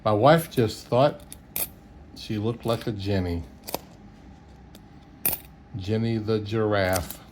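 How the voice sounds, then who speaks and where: A man's voice: on the low side, slow, pauses often, a little mellow, a little hiss or hum. A middle-aged man, chatting casually and chuckling as he sorts coins on camera. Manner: chuckling, easygoing, folksy, thinks aloud. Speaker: coin roll hunter. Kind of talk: casual solo video commentary.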